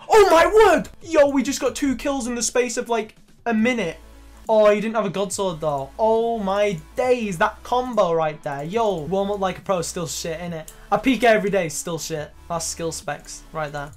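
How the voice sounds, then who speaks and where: A young man giving excitable, profanity-laced commentary over his own gameplay clips. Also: high voice. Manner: excitable, swears freely, loud exclamations. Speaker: gaming YouTuber. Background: faint background music.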